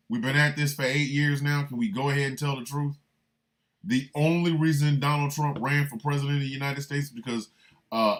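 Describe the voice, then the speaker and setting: A man hosting a livestreamed radio talk show, riffing in a loose comic way and shouting out listeners by city. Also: mid-range voice. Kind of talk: livestreamed political comedy talk.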